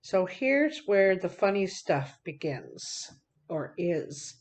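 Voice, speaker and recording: A woman lays out playing cards and reads them aloud for her viewers. She speaks slowly in a slightly low voice. Her manner is folksy and direct, full of ums and asides. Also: sing-song. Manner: folksy, direct, many fillers. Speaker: card reader. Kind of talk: card reading to viewers.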